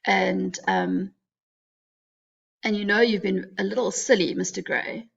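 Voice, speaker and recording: A woman's voice: mid-range voice, fairly even intonation, a little slow, vocal fry. A woman teaching a literature lesson, explaining casually with fillers and asides. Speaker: English teacher. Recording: dull lo-fi recording.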